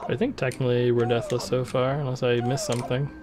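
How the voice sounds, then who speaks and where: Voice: mid-range voice, flat delivery, fast, music in the background. A speedrun streamer giving playful, joking commentary while racing a friend.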